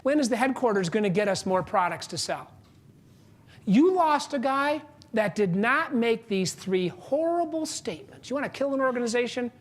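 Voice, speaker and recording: A man giving a motivational speech on stage, telling a story and acting out both sides of a conversation, with sudden drops to a hush and jumps to loud. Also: sits high. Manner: animated storytelling, acts out dialogue, big swings between loud and quiet; asks the audience questions and pauses for punchlines. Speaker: keynote speaker and author. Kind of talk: motivational speech to a live audience. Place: stage before a large audience.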